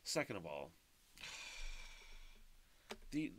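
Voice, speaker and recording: A man's voice: on the low side, sing-song, drawn-out words, a bit bright, no echo, clean studio sound. A man hosting a casual solo podcast, ranting, swearing and laughing as he talks. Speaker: podcast host.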